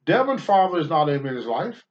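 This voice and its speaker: An older man on a talk show, blunt and preachy, swinging from low mutters to loud outbursts. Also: very animated, moderate pace, dull audio. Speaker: podcast host, former wrestler. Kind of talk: candid talk-show commentary.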